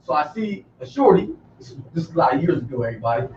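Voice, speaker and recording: A man co-hosting a podcast, telling a story in an animated, excitable way and acting out the voices in it. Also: fairly high pitch, rapid-fire, a little hiss or hum. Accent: South Jersey. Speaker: podcast co-host. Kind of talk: casual storytelling. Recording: echoey room, distant mic, dull sound.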